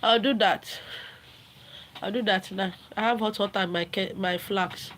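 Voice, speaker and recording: A middle-aged woman with a Nigerian accent, talking casually on a livestream, animated and laughing often, switching between Pidgin and Igbo and acting out quotes. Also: mid-range voice, unhurried. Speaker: livestream host.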